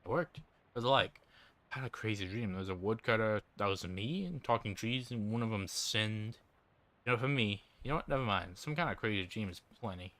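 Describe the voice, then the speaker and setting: A man's voice: fairly low pitch, lively intonation, fairly quick, a bit bright. A man casually commenting on a game and reading its text aloud as he plays. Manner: casual, offhand remarks. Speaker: gaming video host.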